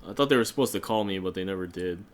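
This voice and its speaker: A man co-hosting a casual fan podcast, rambling through anecdotes with lots of fillers and animated storytelling. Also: deep voice, racing, a little hiss or hum. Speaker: podcast co-host. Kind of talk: casual chat. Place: home in Japan.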